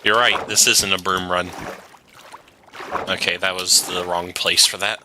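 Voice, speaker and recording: A man's voice: low voice, level tone, measured pace, noisy background. A man streaming a game, chatting casually and reacting to viewer questions as he plays. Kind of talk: live gaming stream chat.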